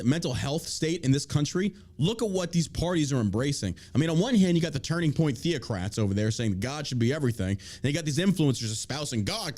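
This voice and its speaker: A man's voice: fairly high pitch, darkish tone. A man hosting an opinion podcast, ranting with heavy profanity and mocking imitations of the people he criticizes. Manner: mocking put-on quotes. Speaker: podcast host.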